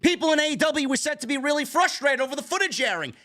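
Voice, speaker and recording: A man ranting on a stream with a high voice that swings widely up and down. He is profane and exasperated, and he mocks people in sarcastic put-on tones. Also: expressive, fast talker, bright, forceful tone. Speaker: wrestling commentary host.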